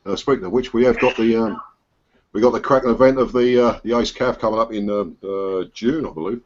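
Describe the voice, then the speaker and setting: An Englishman with a Suffolk accent hosts a laid-back biker hangout over a video call, speaking at a fairly low pitch and brisk pace. He chats and rambles with many fillers and restarts, and the call audio is dull and lo-fi.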